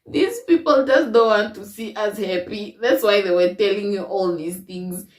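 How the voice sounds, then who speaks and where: A young woman telling a personal story to her viewers in a casual, expressive way, laughing often. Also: medium pitch, far from the mic. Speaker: storytime vlogger. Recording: roomy echo, away from the mic.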